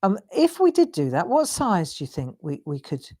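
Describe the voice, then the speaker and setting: A woman's voice: mid-range voice, huge pitch swings, moderate pace, mellow. A woman hosting a live craft tutorial, chatting in a self-deprecating way while she colours in.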